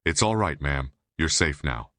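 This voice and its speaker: A man's voice: extremely low pitch, animated, unhurried, bright, forceful tone, no echo, studio quality, heavily acted. A man voicing a kind female police officer with a rural manner who reassures a rescued girl in an audiobook. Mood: reassuring. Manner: reassuring, folksy.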